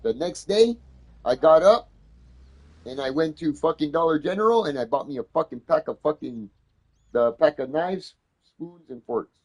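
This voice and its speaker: A man telling a heated story in casual conversation, swearing constantly and getting loud when he retells arguments. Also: fairly high pitch, expressive, normal speed.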